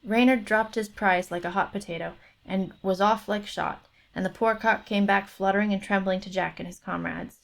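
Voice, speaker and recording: A woman's voice: medium pitch, fairly even intonation, moderate pace, creaky, few pauses. A woman reading a folk tale aloud for her book club stream, stopping for chatty asides. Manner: chatty, thinks aloud between passages.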